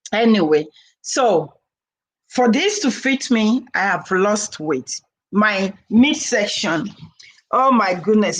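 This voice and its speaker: A woman, chatting casually to camera in an animated way and acting out her quoted conversations. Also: a little high, rough recording. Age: 40s. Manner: animated, laughing, acts out quoted dialogue. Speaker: vlogger and herbal seller.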